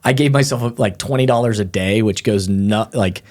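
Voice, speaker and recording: Middle-aged male author guest, lower register, lively storyteller who mimics the people he quotes. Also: moderate pace. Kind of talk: casual interview storytelling.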